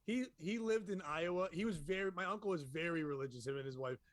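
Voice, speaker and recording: A man's voice: on the high side, fast. A man telling rambling comic stories in a casual chat, laughing often. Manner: rambling storyteller, frequent laughter. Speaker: podcast host.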